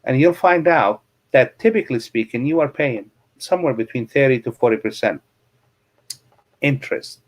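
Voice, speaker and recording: Give me a middle-aged man with a medium-pitched voice, guesting on an interview and explaining money with simple stories. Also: animated, moderate pace. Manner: anecdotal, explains money with plain examples. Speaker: real estate investor and coach.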